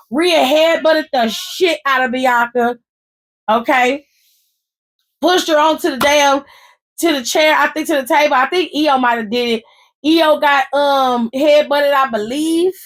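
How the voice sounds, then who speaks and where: Woman, high voice, casual recap host, animated, cussing, sassy asides.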